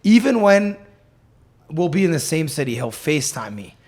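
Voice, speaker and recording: A man's voice: on the high side, sing-song, normal speed, darkish tone. A middle-aged man hosting a podcast in casual chat, joking and telling stories with frequent laughs. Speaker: podcast host.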